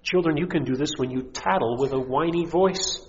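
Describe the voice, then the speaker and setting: A man's voice: on the high side, moderate pace, a little mellow, big-room sound. Lo-fi recording of a preaching man. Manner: preaching with rising intensity and mocking impressions. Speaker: pastor. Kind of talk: sermon. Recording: dull lo-fi recording.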